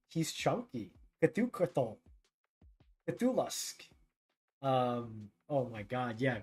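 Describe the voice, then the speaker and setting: Musing male art streamer, slightly high voice. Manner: musing, reads text aloud haltingly and thinks out loud. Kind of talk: casual livestream chat while drawing.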